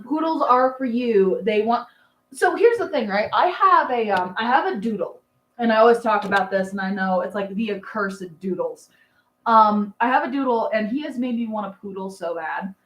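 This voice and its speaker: Woman, 30s, livestream host; chatty, filler-heavy, affectionate, slightly high voice in a roomy space. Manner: chatty and rambling, many fillers and laughs; doting on her dog. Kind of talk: casual livestream chat.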